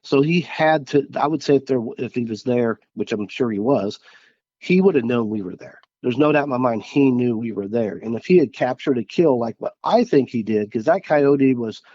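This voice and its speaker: Halting male guest from Missouri. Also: mid-range voice, dark tone, dry recording, lo-fi sound. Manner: halting, restarts often, earnest. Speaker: interview guest. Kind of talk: casual interview chat.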